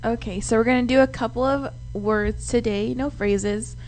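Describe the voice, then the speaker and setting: A woman radio co-host teaching a short Spanish segment, speaking slowly and carefully with frequent giggles. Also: fairly high pitch, fairly even intonation, darkish tone, a little hiss or hum, low-quality recording. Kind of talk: casual radio chat. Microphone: studio microphone.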